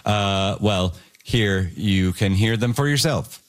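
A man hosting a comedy news quiz, wry and brisk, reading out headlines. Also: lowish voice. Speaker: quiz host.

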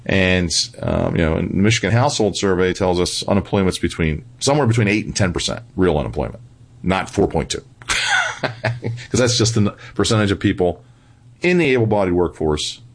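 Man, lowish voice, blunt financial commentary, emphatic, checks in with "right?", mildly sarcastic. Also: expressive, moderate pace. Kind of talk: interview answers.

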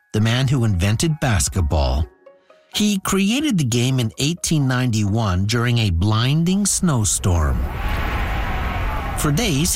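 A man's voice: medium pitch, a little mellow. A man hosting a radio show, telling stories in scripted, conversational narration. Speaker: radio host.

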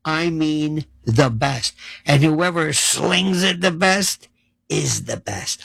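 Gravelly, dry-voiced male political commentator. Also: fairly high pitch, lively intonation, slow pace, fairly bright tone, no room sound. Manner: sarcastic, rattles off lists of issues.

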